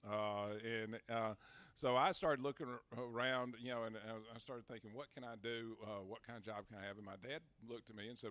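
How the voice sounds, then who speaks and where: A man's voice: medium pitch, steady tone, fairly quick, fairly bright tone. An older man, a guest at a live talk, telling folksy anecdotes with plenty of fillers and restarts. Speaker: interview guest, city mayor. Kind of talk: relaxed storytelling at a live talk.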